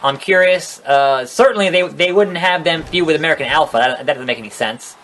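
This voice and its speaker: A man's voice: a little high, fairly quick, fairly bright tone. A young man casually commentating his wrestling video game playthrough, rambling, sarcastic and swearing at the characters. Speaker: gaming video host. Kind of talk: casual let's-play commentary.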